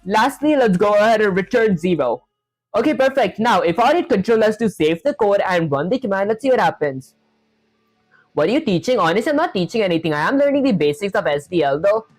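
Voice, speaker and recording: A man's voice: high voice, very animated, fairly quick, dry recording. A man live-streaming while he codes, thinking aloud with lots of fillers and reading viewer chat aloud to answer it. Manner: thinks aloud, says "honestly" and "that said" often, filler-heavy.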